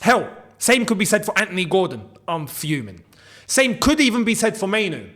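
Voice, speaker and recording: A young man hosting a football channel, ranting in an animated way and hammering points home by repeating them. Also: high-pitched, a little fast.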